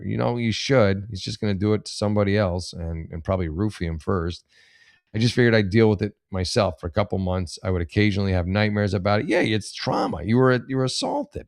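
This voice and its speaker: Blunt, profane man reacting to read-out posts. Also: fairly low pitch. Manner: reads posts aloud, then reacts. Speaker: host reading and answering advice posts. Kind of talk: casual commentary on read-out posts.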